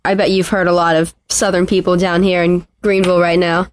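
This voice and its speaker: A woman's voice: fairly low pitch, flat delivery, a little fast, no room sound. A woman hosting a podcast interview, asking questions and giving short, encouraging affirmations.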